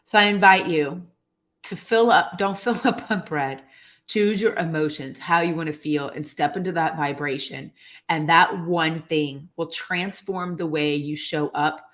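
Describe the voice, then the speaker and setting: Earnest low-voiced woman giving a pep talk. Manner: earnest, emotional, animated, with pauses and restarts. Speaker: motivational vlogger. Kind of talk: casual motivational talk to camera.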